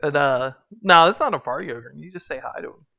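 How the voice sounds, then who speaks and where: A man's voice: fairly high pitch, fast, gravelly, pushed and bright, dry recording. Rambling, laughing male game master. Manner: loose, rambling, laughing often. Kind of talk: narrating a tabletop game.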